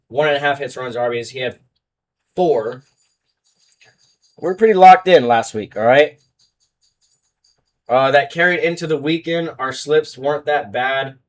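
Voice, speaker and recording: Ranting sports-betting host, off-mic. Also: male voice, medium pitch, recorded from a distance. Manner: heated, fast-swinging rant, loud then muttering.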